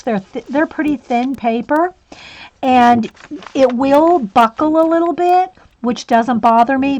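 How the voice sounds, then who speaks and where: A woman's voice: on the high side, darkish tone. A woman hosting a casual coloring tutorial, chatty and giggly with frequent fillers. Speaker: coloring channel host.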